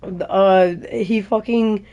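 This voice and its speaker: A woman's voice: medium pitch, steady tone, drawn-out words, muffled recording, noisy background. A woman co-streaming a game, laughing often and making up absurd stories. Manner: giggly, absurd storytelling, frequent laughter. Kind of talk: casual joking banter over gameplay.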